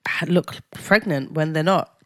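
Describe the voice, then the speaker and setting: A woman co-hosting a casual podcast chat, teasing her partner and quick to jump in. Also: deep voice, no echo, clean studio sound. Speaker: podcast co-host.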